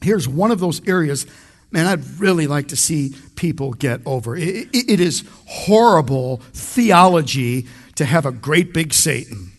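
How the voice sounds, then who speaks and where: A man's voice: on the high side, expressive, a little slow. A man from the United States preaching an expository sermon as pastor, emphatic and conversational, speaking straight to his congregation.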